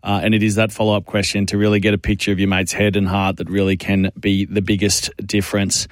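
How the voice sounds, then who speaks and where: A radio host with a lowish voice and dry, close studio sound. He has a measured, friendly presenter delivery as he reads the show's closing notes. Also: completely flat delivery, no room sound. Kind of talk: radio interview and show sign-off.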